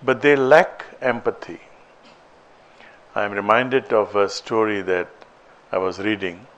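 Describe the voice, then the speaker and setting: A man giving a spiritual talk as a teacher, deliberate and storytelling. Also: on the low side, fairly even intonation, muffled recording. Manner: slow, deliberate, telling a moral story.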